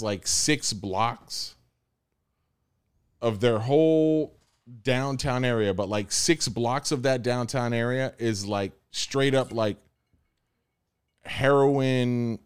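A young man from the United States spins an anecdote in easy conversation, jumping into the voices of the people in his story. His voice is smooth and resonant, at a middle pitch. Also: slow pace. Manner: animated storyteller, acts out quoted people. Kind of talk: casual chat.

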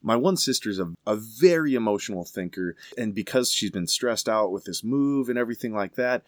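A man casually telling a story with emphatic, animated delivery. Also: lowish voice, a little fast, dry recording, clean studio sound.

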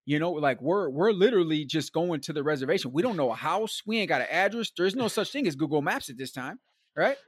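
A man's voice: on the high side, brisk, slightly rough, no room sound. A man telling a long story in a casual, rambling way, with lots of fillers and slang asides. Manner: rambling and animated, heavy on fillers like "like", "man" and "bro". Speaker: guest storyteller.

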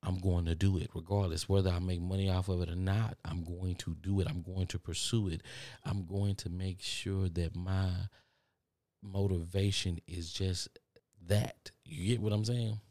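A man's voice: sits low, steady tone, normal speed, dark tone, dry recording, studio quality. A man from Texas with a Texan drawl, hosting a podcast in a rambling, preachy motivational monologue that repeats its phrases. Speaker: podcast host. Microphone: studio microphone.

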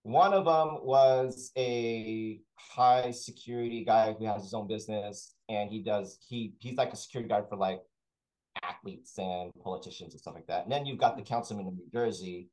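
A man's voice: fairly low pitch, moderate pace, darkish tone, low-quality recording. A man, a talent sourcer, chatting as an interview guest and telling rambling anecdotes full of restarts. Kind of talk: casual interview storytelling.

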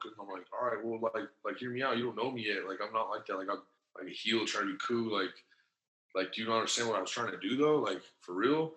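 A man's voice: on the low side, sharp tone, reverberant, rough recording. A man telling a long story in casual, slangy, profane speech, full of fillers and acted-out lines of other people. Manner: acts out other people's lines in changed voices.

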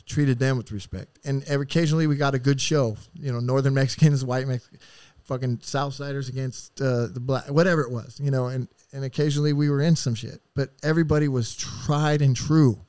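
A man telling rough stories as a podcast guest, casual and full of swearing, rambling and acting out what people said. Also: medium pitch, fairly even intonation, a little fast, few pauses, darkish tone, no room sound. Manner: profane, rambling, acts out quotes. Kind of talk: casual storytelling.

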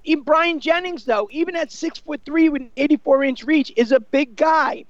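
A man's voice: extremely high pitch, normal speed, dry recording, muffled recording. A man giving casual, rambling boxing analysis, filling his talk with many you-knows. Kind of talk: casual sports discussion.

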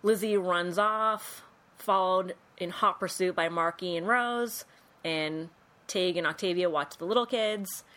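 A woman's voice: lowish voice, unhurried, a bit bright. A woman co-hosting a podcast, casually recapping a film and acting out the quotes. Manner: chatty, acts out quotes, says 'like' a lot. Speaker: podcast co-host.

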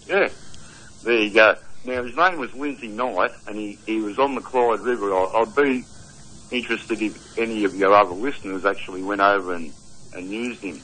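A man's voice: fairly low pitch, a bit bright, slight background noise, low-quality recording. A man with an Australian accent calls in to a radio show and tells a rambling fishing story, full of restarts. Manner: rambling yarn-spinning with restarts. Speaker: caller. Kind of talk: phone-in storytelling.

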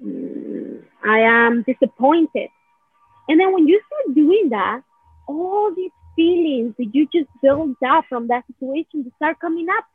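She sounds high and animated, speaking at an ordinary pace without echo while soft music plays in the background. Rambling casually about a healing technique, she leans on "right?" and acts out emotions in quoted bits. It's a dry recording with narrow, phone-like sound.

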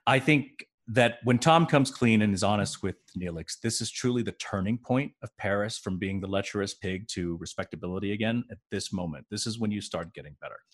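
A man's voice: fairly low pitch, fairly quick, few pauses. A middle-aged man co-hosting a podcast, recapping in a playful, teasing casual chat. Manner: playful, teasing, acts out quoted lines. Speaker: podcast co-host.

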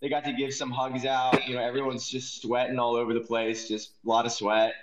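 A man's voice: medium pitch, level tone, fairly quick, a little hiss or hum. A man chatting on a live audio stage, laid-back and joking. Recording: echoey, dull lo-fi mic.

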